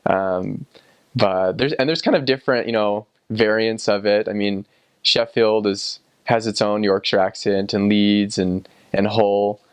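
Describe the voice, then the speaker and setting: A young man who served as a missionary, casually recalling his time abroad in a relaxed, rambling way with many fillers and restarts. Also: lowish voice, unhurried, smooth, no echo. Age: young adult. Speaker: returned missionary. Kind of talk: casual personal recollection.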